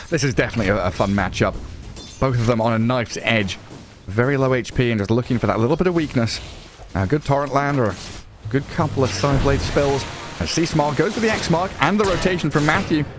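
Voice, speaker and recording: A man with a Northern English accent giving lively play-by-play commentary on an esports match, excitable and quick to laugh. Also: medium pitch, background noise. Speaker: esports caster. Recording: music playing underneath.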